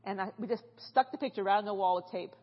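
A woman's voice: medium pitch, fast, slightly rough, highs cut off. A middle-aged woman giving a sermon in a church, telling stories in a chatty way full of fillers and restarts. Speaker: guest speaker. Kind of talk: storytelling sermon.

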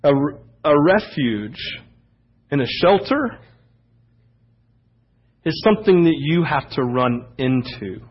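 A man preaching a sermon, animated and swinging between loud emphasis and hushed asides. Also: a little high, slow, long pauses, husky, dull audio.

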